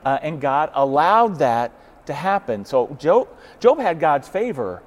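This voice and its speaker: Earnest man with a higher voice. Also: very animated, a little slow. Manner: earnest, often repeats words as he starts a thought. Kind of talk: casual faith discussion.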